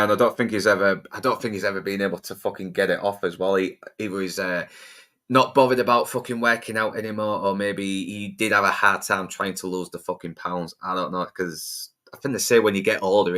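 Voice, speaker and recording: Rambling, swearing man with a lowish voice. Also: steady tone, brisk, bright, forceful tone. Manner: rambling, heavy swearing, frequent restarts. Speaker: podcast co-host. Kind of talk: casual film discussion.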